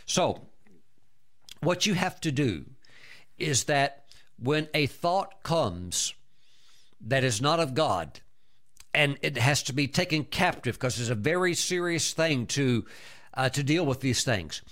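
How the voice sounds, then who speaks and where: A man, a pastor, preaching a sermon in an emphatic, animated way, with repeated exclamations. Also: medium pitch, takes it slowly, long pauses.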